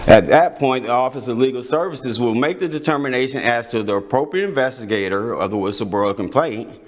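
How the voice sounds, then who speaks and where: A man from the district staff reading a prepared briefing at a school board meeting, measured, with small restarts. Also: mid-range voice, a little hiss or hum.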